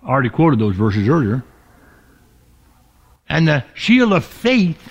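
A man preaching a sermon as pastor, stretching key words slowly and dropping his voice low for emphasis. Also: very animated, creaky. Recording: dull lo-fi recording.

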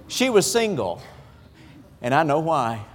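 A man's voice: a little high, sing-song, slow pace, big-room sound, a little hiss or hum. A man with a Southern US accent preaching a sermon, telling folksy, self-deprecating stories with humor. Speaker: pastor.

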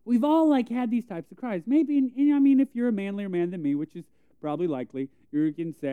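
A man's voice: high voice, fairly quick, clear, resonant tone, no room sound. A young man preaching a conversational sermon, telling self-deprecating stories and acting out quotes. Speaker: pastor. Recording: tinny phone-like sound.

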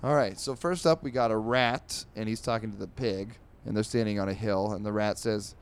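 Reading newspaper comics on his comedy podcast, this host has a fairly low, clear and resonant voice. He slips into quick voices for the characters and wanders off into sarcastic, rambling commentary, all in a casual style.

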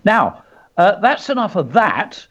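Chatty male host, husky and animated, slightly muffled sound. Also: high-pitched, slow. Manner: chatty, animated, drops into character voices. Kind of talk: casual chat and storybook reading.

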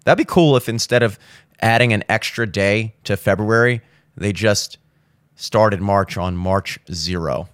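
A hungover young man hosting a podcast, talking casually and profanely, breaking into loud exasperated rants. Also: lowish voice, unhurried, no room sound, clean studio sound. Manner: profane, ranting, swings into loud exasperated outbursts. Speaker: podcast host. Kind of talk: casual monologue.

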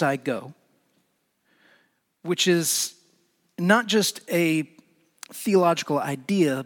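A man preaching a sermon as a pastor, animated and building to emphatic peaks. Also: a little high, long reverb tail.

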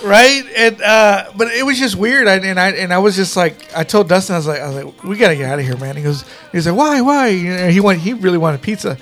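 A man's voice: high-pitched, a little fast, hardly any pauses, fairly bright tone. A man hosting a casual podcast, telling rambling stories with plenty of swearing. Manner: rambling storyteller, swears freely. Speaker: podcast host. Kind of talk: casual chat.

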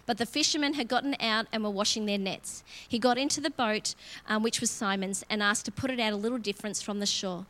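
A middle-aged woman giving a casual, expressive sermon and reading scripture aloud. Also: medium pitch, a little fast, hardly any pauses. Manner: chatty and expressive, building emphasis as she goes. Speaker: church speaker. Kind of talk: conversational sermon with Bible reading.

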